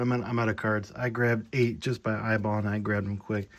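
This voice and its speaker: A young man with a gravelly, creaky voice talks his way through a casual workshop vlog, thinking aloud and getting excited as he works. A faint hiss of noise sits under the voice. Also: fairly low pitch, moderate pace. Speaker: maker vlogger.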